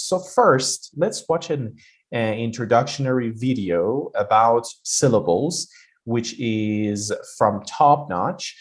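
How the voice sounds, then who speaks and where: A man's voice: medium pitch, animated, slow. A man teaching an online pronunciation lesson, explaining points and repeating example words.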